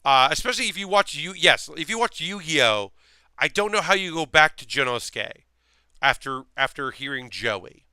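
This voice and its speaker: A man chats casually on his stream while he builds a model kit. His voice is bright and crisp, recorded close and dry. He rambles, trailing off and restarting often. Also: a little high, very animated, moderate pace, no echo. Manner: rambling, many fillers and restarts.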